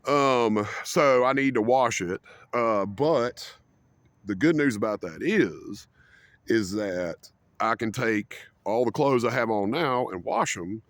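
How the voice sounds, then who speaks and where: Casting: young man ranting to camera, profane and rambling, mid-pitched voice, dry close mic. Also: lively intonation, slow pace, no room sound. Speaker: vlogger. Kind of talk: casual rant to camera.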